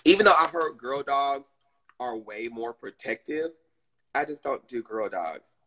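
A man's voice: medium pitch, lively intonation, unhurried, sharp tone, slightly rough, low-quality recording. A man with a Southern US accent chatting casually on a live stream, addressing viewers and reading chat. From Southern United States.

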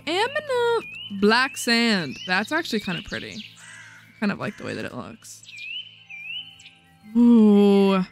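Lively, playful woman gaming host. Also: medium pitch. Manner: playful, chatty, talks to herself while playing. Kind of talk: casual let's-play commentary.

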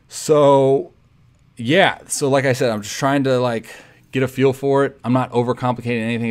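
Young male pitcher, deep clear voice, easygoing and rambling commentary over his own footage. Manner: laid-back, rambling, full of "like" and "you know". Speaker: pro baseball pitcher. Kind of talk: casual breakdown of game footage.

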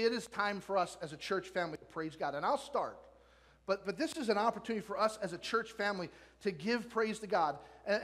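A man with a high voice preaches a sermon in a church sanctuary, and the room gives his words a long reverb. He keeps the congregation involved with questions and light jokes. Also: fairly bright tone. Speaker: pastor.

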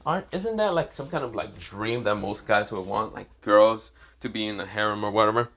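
A man's voice: fairly low pitch, fairly quick, fairly bright tone. A man casually narrating a fan-made story, rambling with lots of filler words and restarts.

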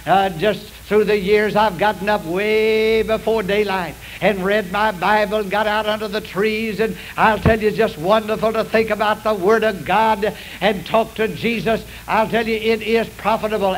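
Folksy high-voiced preacher man. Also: rough recording. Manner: folksy, confessional, drawling. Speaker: pastor. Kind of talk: sermon with storytelling. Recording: hissy old radio broadcast.

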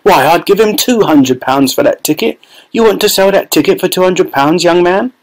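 A brash woman in a crowd shouts indignantly in a raised, high voice, as a male narrator puts her on. She talks loud and pushy in a storybook. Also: normal speed.

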